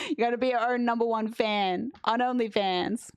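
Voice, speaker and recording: Chatty woman streamer, clear voice. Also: on the high side, steady tone, normal speed, no echo, studio quality. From Australia. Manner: chatty, blunt and joking, reads chat aloud. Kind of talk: casual chat with live chat.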